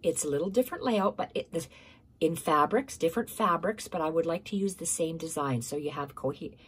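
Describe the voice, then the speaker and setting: A woman's voice: low voice, fairly quick, slightly rough. A woman hosting a casual stitching tutorial, explaining step by step, repeating measurements and correcting herself, sometimes dropping to a near-whisper.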